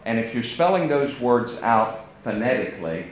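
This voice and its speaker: A man with an American accent, delivering an evening sermon in a deliberate, emphatic way with pauses. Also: mid-range voice, very animated. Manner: deliberate, emphatic, pausing speaker. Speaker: preacher. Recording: very echoey hall with faint noise.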